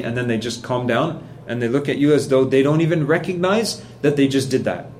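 A man's voice: mid-range voice, fairly quick, a little mellow, slight background noise. A man giving a casual religious lesson in a conversational way, often checking in with "right?" and acting out how people react. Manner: conversational, keeps asking "right?". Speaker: religious teacher.

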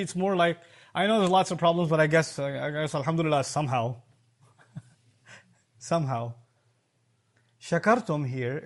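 A man preaching in a high, lively voice, acting out little scenes and jokes for his listeners. He slips Arabic verses into his explanation. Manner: animated, acts out voices and jokes. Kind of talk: Islamic lecture.

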